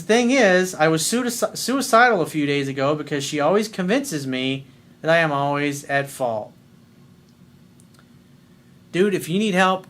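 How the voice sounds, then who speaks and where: A middle-aged man giving dating advice in a loose, unscripted monologue. His voice sits fairly high for a man, and he speaks bluntly with plenty of swearing and hard emphasis. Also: fairly bright tone. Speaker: dating coach.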